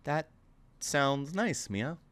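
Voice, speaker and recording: A man voicing a gentle, soft-spoken young woman. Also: a little high, lively intonation, very slow, voice pushed up, heavily acted. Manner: quiet and hesitant.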